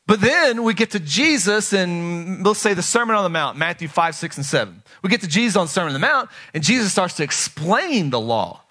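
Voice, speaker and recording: A man preaching a sermon in a conversational, animated way, swinging between loud emphatic lines and hushed ones. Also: high voice, a little fast, hardly any pauses. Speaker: pastor.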